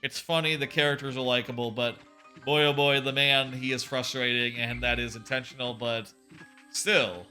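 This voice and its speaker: A man's voice: medium pitch, moderate pace, faint music behind. A man streaming a video game, chatting casually in a rambling way with lots of fillers and swearing, sometimes acting out quotes. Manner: rambling, swears, many fillers, animated quoting. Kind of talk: casual gameplay commentary.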